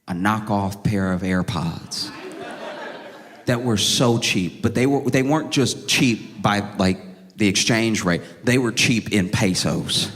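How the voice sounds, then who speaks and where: Wry man doing stand-up in a reverberant hall. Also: low voice. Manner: calm, wry storytelling that climbs into exasperation. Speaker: stand-up comedian. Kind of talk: stand-up comedy.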